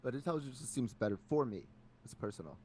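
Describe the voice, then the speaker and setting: A man's voice: medium pitch, animated, quick pace, mellow, a little hiss or hum. A man hosting a casual podcast, joking around and reading out questions with pointed follow-ups. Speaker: podcast host.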